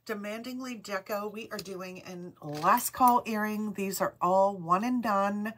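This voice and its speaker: A woman's voice: medium pitch, unhurried, a bit bright, slight background noise. A middle-aged woman with a Rhode Island accent, hosting a live jewelry sale stream and chatting casually, greeting viewers by name and repeating item numbers. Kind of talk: live-stream sales chat.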